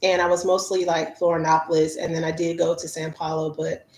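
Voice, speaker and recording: A woman's voice: deep voice, level tone, a little fast, a little mellow. A woman travel vlogger from the United States telling her viewers candid stories in a chatty, casual way with lots of fillers. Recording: roomy echo.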